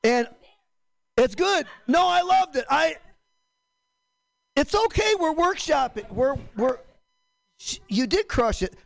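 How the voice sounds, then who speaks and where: A man's voice: extremely high pitch, sing-song, slow pace, vocal fry, pauses often, low-quality recording. A man hosting a stand-up comedy show in a small room, rambling and profane, often cutting himself off. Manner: rambling, self-interrupting, profane.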